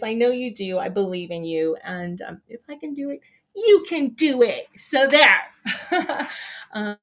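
Female show host, casual, rambling, encouraging, mid-pitched. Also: a bit bright. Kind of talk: casual chat.

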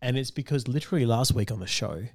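A man's voice: medium pitch, lively intonation, fast, gravelly, dry recording, studio quality. A man co-hosting a casual podcast, laughing often as he explains comic-book lore at length. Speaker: podcast co-host. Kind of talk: casual film discussion.

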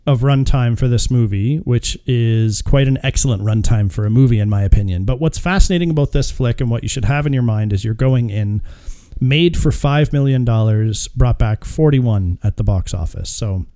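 A man hosts a casual movie podcast, walking through cast, budget and box office. His voice is mellow and dark, with a joking ease. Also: mid-range voice, normal speed, hardly any pauses. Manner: relaxed, joking, introduces films with facts. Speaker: podcast host. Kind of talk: casual movie review chat.

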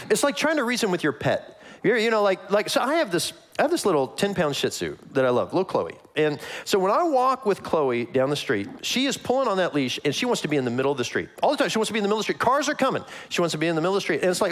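A man preaching a conversational sermon, acting out quick voices in his asides. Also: fairly high pitch, wildly swooping pitch. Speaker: pastor.

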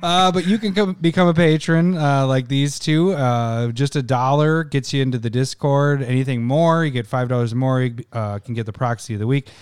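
A man's voice: mid-range voice, moderate pace, few pauses, smooth, no room sound, clean studio sound. A man co-hosting a podcast in casual chat, joking and laughing often. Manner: joking, laughs often, bits of silly voices. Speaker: podcast co-host.

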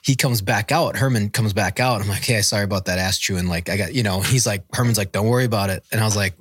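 A man's voice: lowish voice, fast, fairly bright tone, no room sound, studio quality. A man in his thirties, a former Marine, telling a long rambling story in casual interview talk, swearing and acting out the people he quotes. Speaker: podcast guest, former Marine.

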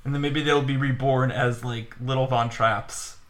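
A man co-hosting a podcast in casual chat, laughing often and throwing in quick asides. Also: medium pitch, steady tone. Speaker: podcast co-host.

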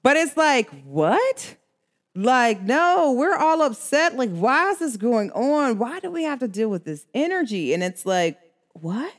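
A woman hosts a casual astrology chat with a fairly high voice that swings widely in pitch. She rambles in slangy, personal talk and breaks into laughter often. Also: big pitch swings, moderate pace, hardly any pauses. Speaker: astrology podcast host.

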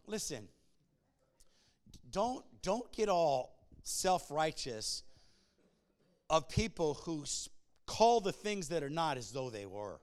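A male pastor preaching to a congregation, emphatic and animated, swinging between loud shouts and hushed, near-whispered passages. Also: a little high, takes it slowly, long pauses. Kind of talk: sermon. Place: church before a congregation.

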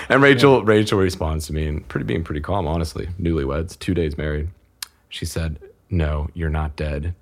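A man in his thirties casually telling a funny story about himself, animated and laughing as he goes. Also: sits low, normal speed. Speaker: podcast guest.

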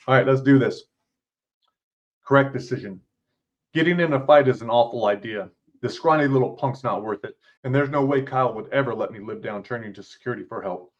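A man's voice: mid-range voice, highs cut off. A man, author and podcast host, reading his interactive story aloud with blunt, casual asides and free swearing.

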